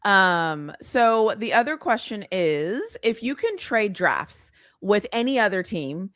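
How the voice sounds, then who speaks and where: A woman's voice: mid-range voice, big pitch swings, takes it slowly, a bit bright, no room sound. Woman host asking questions, bouncy voice, dry close mic. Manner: friendly, laughs along, asks questions. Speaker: podcast host. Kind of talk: casual interview questions.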